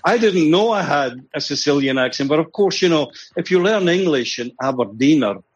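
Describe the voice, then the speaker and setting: Older Glaswegian man, husky and rambling. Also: fairly high pitch, expressive, moderate pace, highs cut off. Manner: rambling, anecdotal, chuckles often, self-deprecating. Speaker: musician guest. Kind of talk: casual interview talk.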